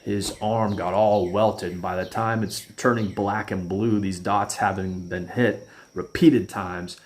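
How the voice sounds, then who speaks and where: A man's voice: lowish voice, steady tone, unhurried. A man casually telling a personal story, rambling and chuckling as he goes. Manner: rambling, chuckling, restarts often.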